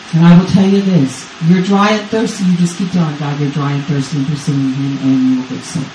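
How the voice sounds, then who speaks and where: A woman's voice: deep voice, steady tone, fairly quick, few pauses, dark tone, distant mic, a little hiss or hum. Grandmother from Texas preaching in a roomy church. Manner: repetitive, urgent preaching with call-and-response. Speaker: guest preacher. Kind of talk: sermon. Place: church service. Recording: roomy church sound from off-mic.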